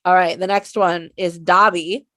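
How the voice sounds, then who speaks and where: A woman's voice: fairly low pitch, fairly even intonation, a little slow, sharp tone, dry recording. A young woman co-hosting a fan show, chatting in an upbeat, encouraging way. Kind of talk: casual chat.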